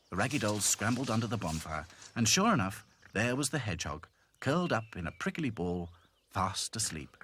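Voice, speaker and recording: A man narrating a children's cartoon storybook with expressive, lively storytelling. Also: fairly low pitch, moderate pace, slight background noise.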